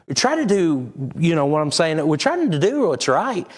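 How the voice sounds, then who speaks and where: A man's voice: on the high side, very animated, moderate pace. A man preaching a sermon, talking candidly and conversationally. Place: church sanctuary.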